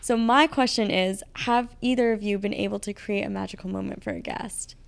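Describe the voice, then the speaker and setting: A woman's voice: medium pitch, steady tone, fairly quick, creaky. A young woman hosting the interview, enthusiastic and full of fillers. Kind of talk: casual interview chat.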